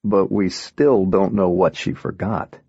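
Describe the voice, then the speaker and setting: A man voicing a blunt teenage boy in a flat, matter-of-fact way. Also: sits low, a little slow, husky, dry recording, dull audio, exaggerated voice.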